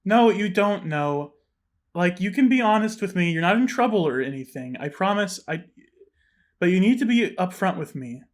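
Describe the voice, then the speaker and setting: A man's voice: sits high, animated, moderate pace. A man voicing an earnest woman traveler in a tabletop game, coaxing and rambling as he talks. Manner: coaxing, rambling, self-interrupting. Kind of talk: tabletop game role-play.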